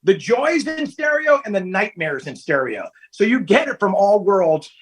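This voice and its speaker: A man's voice: sits high, big pitch swings, normal speed, husky, rough recording. A man in his fifties, a podcast guest, telling candid stories in casual chat from home over a call. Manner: candid, storytelling, laughs easily. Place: at home, family nearby.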